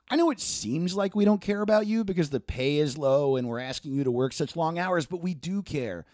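A man's voice: high voice, no echo, studio quality. A man voicing a smug male small-business owner who pleads with his staff, mock-sincere and insistent. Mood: wheedling. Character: smug male donut shop owner, fake caring boss.

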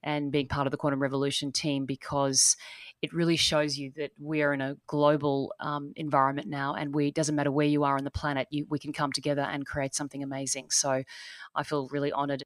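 Australian lady guest, low voice, rambly storytelling, dry close sound. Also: little pitch movement, brisk, dry recording. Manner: chatty, anecdotal, many restarts. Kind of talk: casual interview chat.

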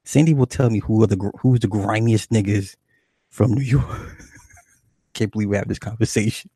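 A man's voice: on the low side, normal speed, long pauses, dark tone, slightly rough, dry recording, studio quality. A man hosting a livestream, chatting casually and in a rambling, profane way, reading viewers' comments aloud. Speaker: livestream host.

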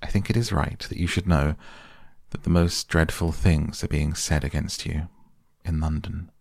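Grave, earnest painter voiced by a man reading aloud: very deep and gravelly, softly read for a bedtime audiobook. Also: steady tone, moderate pace, no echo, clean studio sound, full character voice. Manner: earnest, pleading.

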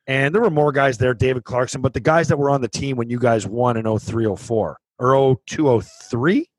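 A man's voice: medium pitch, a little fast, no echo, poor audio. A man, a former hockey player, chatting casually, leaning on fillers and prompting stories from his guest. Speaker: podcast host, former pro hockey player. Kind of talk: casual chat.

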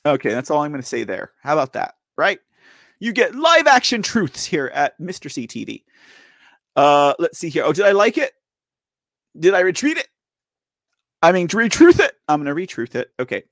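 A man's voice: a little high, sing-song, moderate pace, long pauses, dry recording, clean studio sound. Guy hosting a commentary show, bouncy voice all over the place, goofs around and corrects himself a lot. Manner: playful, rambling, self-correcting, keeps saying ladies and gentlemen. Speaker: host of a political commentary show. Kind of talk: casual live commentary.

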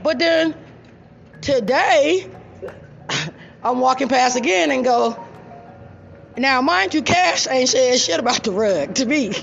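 A woman telling a story in a loud, profane, animated rant. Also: high voice, slow pace, creaky, pauses often, highs cut off, soft background music. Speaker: storyteller vlogger.

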